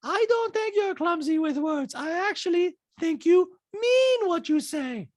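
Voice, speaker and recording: A man voicing a haughty woman from a reality show in a high, drawn-out falsetto for a comedy recap podcast. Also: expressive, dry recording, studio quality. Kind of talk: comic impression in a recap podcast.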